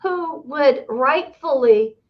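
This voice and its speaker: An older woman hosts a casual interview chat in a higher-pitched voice, talking slowly and with earnest feeling. The recording sounds dull and lo-fi. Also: expressive. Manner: earnest, heartfelt. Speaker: host.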